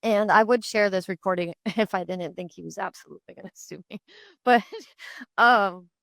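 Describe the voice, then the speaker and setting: A woman hosting a podcast, telling a story in a chatty, animated way with many fillers. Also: mid-range voice, normal speed, creaky, no echo. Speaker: podcast host.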